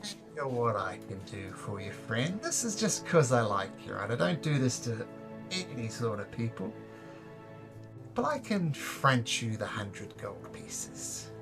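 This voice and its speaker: A man voicing a gruff, overly friendly male bugbear moneylender in a tabletop game. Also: medium pitch, big pitch swings, a little slow, over music. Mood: wheedling. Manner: wheedling, overly friendly sales talk.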